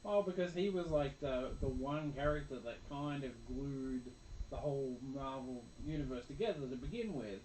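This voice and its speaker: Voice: medium pitch, normal speed, darkish tone, echoey room, a little hiss or hum, poor audio. A speaker telling funny stories about being a parent, laughing through them. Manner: storytelling, laughing through anecdotes. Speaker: podcast guest and parent. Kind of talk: casual chat.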